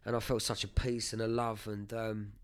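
A man's voice: fairly low pitch, little pitch movement, moderate pace, smooth. A man, sharing his life story as a podcast guest in an earnest, emotional way, with many fillers and restarts. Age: 30s. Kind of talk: personal testimony, casual chat.

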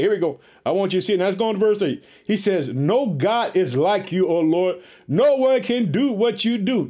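A man's voice: on the high side, darkish tone, husky. A man preaching a fervent sermon, repeating phrases and calling out to his listeners. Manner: fervent, repetitive call-and-response preaching.

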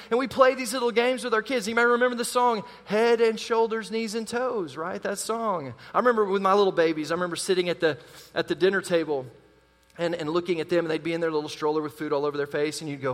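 A man preaching a sermon as pastor, animated, calling out to the congregation. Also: high-pitched, quick pace. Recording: long hall reverb.

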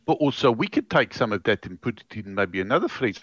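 A man's voice: medium pitch, very animated, fast, a bit bright, dull audio, a little hiss or hum. A man playing a tabletop character in a put-on South African accent, drawling and wheedling. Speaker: tabletop role-player. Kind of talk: in-character tabletop role-play.

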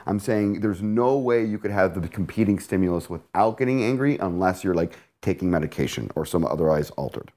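A man with a somewhat low voice explains a point in a relaxed, conversational way. He keeps it lively, breaking into quick acted-out examples to show what he means. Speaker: therapist or coach.

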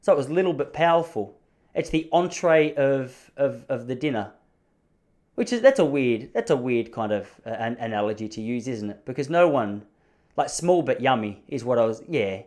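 A man, hosting a podcast and telling funny stories in a casual, self-mocking way. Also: normal speed. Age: 30s. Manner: animated, self-mocking, pitch jumping up for emphasis. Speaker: podcast host. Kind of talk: casual comedic storytelling.

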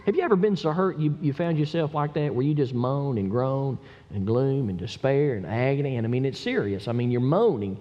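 A man preaching a sermon as a pastor. He reads scripture and swings from low murmurs up to emphatic cries. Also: animated, fairly quick. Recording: echoey hall, dull lo-fi sound.

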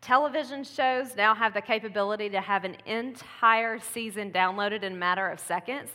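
A woman's voice: mid-range voice, moderate pace, sharp tone. A woman, giving a casual, chatty Mother's Day sermon with laughing asides. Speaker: pastor's wife giving a Mother's Day message. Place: church sanctuary. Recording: long church-hall reverb.

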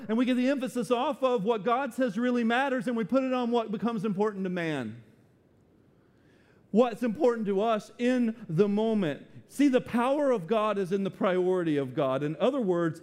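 A man's voice: high-pitched, darkish tone. A man preaching a sermon in a church, emphatic, with repeated words and restarts as he presses his point. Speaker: pastor. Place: church with rain outside.

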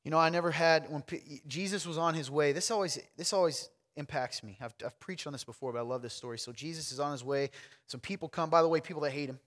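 A pastor preaching a sermon to a congregation in a church, swinging from loud calls to hushed near-whispers, with conversational asides to the listeners. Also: male voice, fairly high pitch, fast talker.

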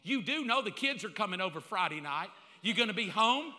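A man's voice: high voice, big pitch swings, bright, forceful tone, in a large hall, heavily acted. A man doing an exasperated, nagging wife. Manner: rapid-fire nagging questions. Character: exasperated, demanding wife questioning her husband.

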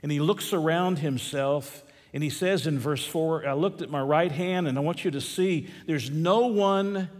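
A man preaching a sermon, earnest, repeating key phrases and slowing down on the verses he quotes. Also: fairly high pitch, in a large hall. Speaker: pastor.

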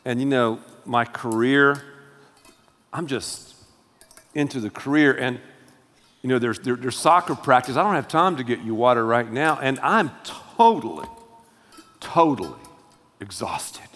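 A man's voice: mid-range voice, expressive, measured pace, pauses often, a bit bright, in a large hall, pitched below the performer's own voice. A man voicing a tired husband who mumbles excuses and sounds worn out. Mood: weary. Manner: weary, mumbling, evasive.

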